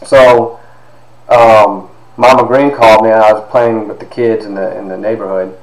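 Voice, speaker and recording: A man in his fifties from Ohio, telling a personal story in an animated way with lots of quoted dialogue and fillers. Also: fairly low pitch, moderate pace, crowd noise. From Ohio, USA. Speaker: podcast host and author. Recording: echoey room with faint background noise.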